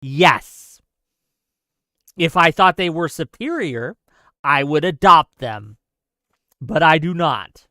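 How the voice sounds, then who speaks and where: A man hosts a political livestream, his slightly high voice smooth, crisp, pushed and bright on a close mic, with dry sound and no room around it. He speaks with animated passion yet takes it slowly and pauses often. He repeats points for emphasis and keeps checking in with listeners by asking "right?"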